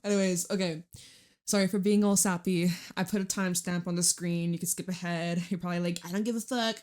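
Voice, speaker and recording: A woman's voice: lowish voice, flat delivery, a little fast, a little mellow. A young adult woman giving a casual tarot reading, chatty and candid, swearing now and then. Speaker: tarot reader.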